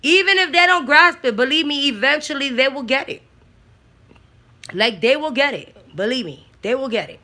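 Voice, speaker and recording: A woman in her thirties from the Bronx, talking about raising kids in a blunt, profane, animated way. Her New is strong, her voice sits a bit high, and it has a bright, forceful edge. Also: moderate pace. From the Bronx, New York. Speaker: mother and aunt sharing opinions. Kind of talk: casual talk.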